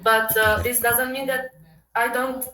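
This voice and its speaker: A woman's voice: on the high side, level tone, unhurried, pushed and bright, reverberant, recorded from a distance, rough recording. A woman from Albania with an Albanian accent, a language teacher patiently correcting pronunciation in an online lesson. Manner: patient, repeats words for the learner to copy.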